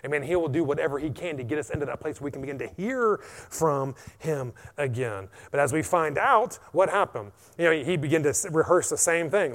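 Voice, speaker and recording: A man with an American accent preaching a sermon, repeating "amen" and swinging between loud and hushed delivery. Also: on the high side, expressive, a little fast, few pauses. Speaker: pastor.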